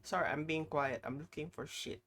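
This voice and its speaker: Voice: mid-range voice, moderate pace, a bit bright. A live streamer chatting casually with their audience in a rambling, apologetic way while reacting to videos.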